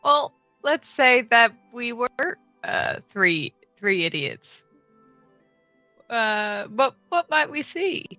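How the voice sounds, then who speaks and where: A woman playing a tabletop game, relaxed and playful. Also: on the high side, takes it slowly, no room sound, lo-fi sound, faint music behind. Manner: relaxed and playful, laughing between lines. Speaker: player.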